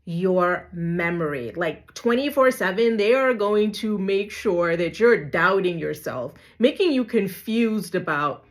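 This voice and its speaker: A woman's voice: medium pitch, expressive, a little slow, hardly any pauses. A woman vlogger giving casual, emphatic advice to camera, asking rhetorical questions and tagging points with "right?" and "you know". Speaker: YouTube vlogger.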